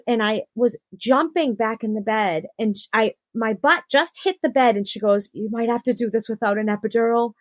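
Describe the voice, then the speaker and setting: Animated woman telling a story. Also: normal speed, few pauses, no room sound. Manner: animated storytelling, acting out quotes with pitch jumps. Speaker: podcast guest. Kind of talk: personal birth story in conversation.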